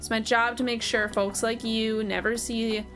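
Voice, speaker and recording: A woman reading the lines of a stern small-town police officer in a video game, in a measured, warning tone. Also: fairly high pitch, level tone, a bit bright, soft background music, natural voice.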